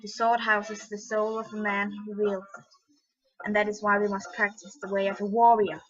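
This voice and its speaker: A woman voicing a calm, wise male samurai in an amateur dramatic reading, measured and lecturing. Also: mid-range voice, natural voice. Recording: dull lo-fi with faint music.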